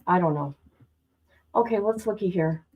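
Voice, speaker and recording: A woman's voice: lowish voice, moderate pace, a little mellow, poor audio. A woman hosting a casual livestream, dramatic and exclamatory, talking to herself and her chat. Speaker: livestream host. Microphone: no headphones, device mic.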